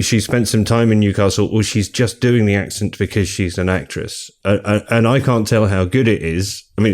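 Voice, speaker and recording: A man's voice: lowish voice, darkish tone. A middle-aged man hosting a casual book podcast, chatty and steering the talk with questions. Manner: chatty, leads the discussion with questions. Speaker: podcast co-host.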